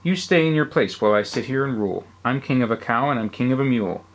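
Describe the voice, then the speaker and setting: A man's voice: mid-range voice, lively intonation, quick pace. A man reading aloud and voicing a boastful, bossy male turtle king who bellows his orders. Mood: commanding. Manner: bellowing, proud and snappish.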